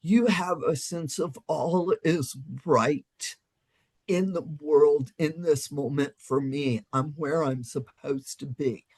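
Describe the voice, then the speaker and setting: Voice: medium pitch, slow, darkish tone, husky. A co-host in a live-streamed spiritual discussion, talking bluntly and emphatically, with earthy swearing.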